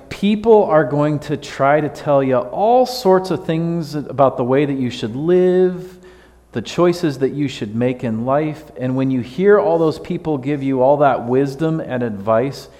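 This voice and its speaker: A man leads a children's sermon in a church sanctuary, joking and throwing questions at the kids. His voice sits at an ordinary pitch, and it rings with the long reverb of the hall. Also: dark tone. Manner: playful, chatty, asks the kids questions. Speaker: pastor giving a children's sermon. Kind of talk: casual children's sermon to a congregation.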